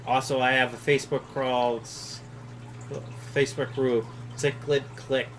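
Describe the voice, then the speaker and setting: A man's voice: mid-range voice, level tone, measured pace, noisy background. A man from Chicago hosting a casual live stream, reading viewer comments aloud and answering them offhand. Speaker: aquarium channel host.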